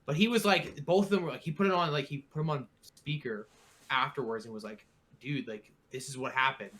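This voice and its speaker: Young male podcast host, bright tense voice, animated storyteller who acts out his quotes. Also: medium pitch, a little fast. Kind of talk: casual storytelling.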